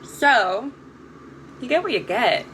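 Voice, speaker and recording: A woman's voice: on the high side, very animated, slow, fairly bright tone, a little hiss or hum. A tired, jittery young woman chatting and giggling while reading aloud on a casual book vlog. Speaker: book vlogger.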